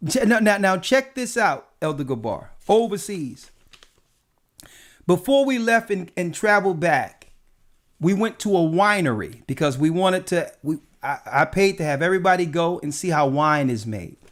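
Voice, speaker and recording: A man with a fairly high voice tells stories from his travels in an easygoing chat. He is a church elder who keeps checking in with his listener with "right?" as he goes. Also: normal speed. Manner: animated anecdotes with frequent "right?" asides. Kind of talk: casual storytelling chat.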